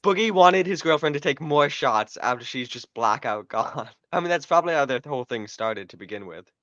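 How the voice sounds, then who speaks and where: A man's voice: mid-range voice, animated, brisk, fairly bright tone, no echo. A man commenting on a live stream, mocking and laughing often, heard through a dull lo-fi mic.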